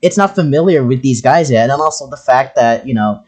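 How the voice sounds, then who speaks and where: A young man hosting a casual podcast chat, easygoing and quick to laugh, with soft restarts. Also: medium pitch, animated. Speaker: podcast host.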